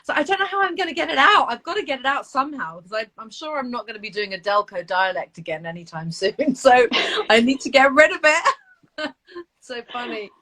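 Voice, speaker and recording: A woman, an actress, chatting casually on a live video call, animated and laughing as she tells stories about herself. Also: high-pitched, a little fast. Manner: animated, laughing, self-deprecating storytelling. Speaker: actress guest.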